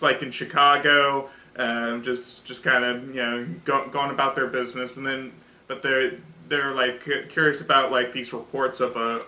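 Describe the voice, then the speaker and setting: A man's voice: medium pitch, sharp tone. A young man casually reviewing a cartoon episode, rambling with restarts and frequent laughter. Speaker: show reviewer. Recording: echoey room.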